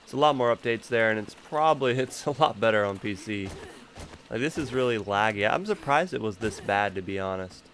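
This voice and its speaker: A man's voice: fairly low pitch, expressive, a little fast, fairly bright tone, a little hiss or hum. A man giving casual, rambling gameplay commentary as a gaming YouTuber. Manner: rambling, loose, laughs easily.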